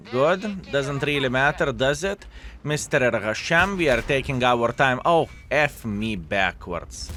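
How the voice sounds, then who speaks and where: Male gameplay commentator, middle pitch, chatty and candid, non-native English phrasing, faint ambience underneath. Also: fairly bright tone, slight background noise. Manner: chatty, talks to viewers with tag questions.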